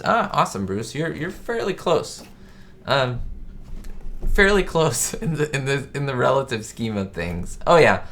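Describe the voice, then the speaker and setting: A man's voice: mid-range voice, fairly bright tone. A man hosting a casual live stream, chatting upbeat and rambling as he reads out viewers' comments. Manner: rambling with frequent fillers and restarts. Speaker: channel host.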